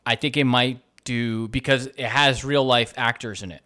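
A man's voice: medium pitch, steady tone, normal speed, sharp tone, dry recording, clean studio sound. A man co-hosting a casual gaming news podcast, chatty and upbeat. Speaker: podcast co-host.

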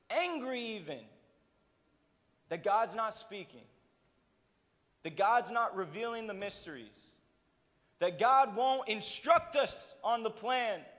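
High-voiced young pastor in a reverberant hall. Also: male voice, fairly bright tone. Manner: casual, humorous preaching with asides. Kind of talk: sermon.

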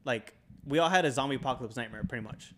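Fast-talking young man telling a story. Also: mid-range voice, a bit bright, slight background noise. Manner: laid-back, swearing, full of "like". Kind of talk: casual chat, storytelling.

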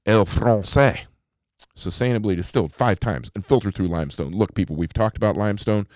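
A man with a very deep voice hosts a casual solo podcast and rambles through sponsor reads with crude jokes and restarts. His pitch jumps around a lot as he talks. The sound is dry and close. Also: animated, fast talker, darkish tone, dry recording. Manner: rambling, crude jokey asides, many fillers and restarts. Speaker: podcast host.

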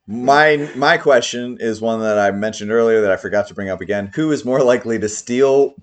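A man's voice: mid-range voice, fairly quick. A man hosting a casual podcast, running votes and joking with friends. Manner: runs the votes, lively banter. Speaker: podcast host. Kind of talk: casual chat.

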